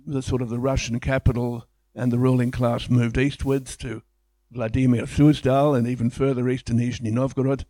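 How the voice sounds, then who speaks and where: A man's voice: mid-range voice, a little mellow, no room sound. A man giving an illustrated public lecture, speaking enthusiastically in a conversational way with frequent restarts.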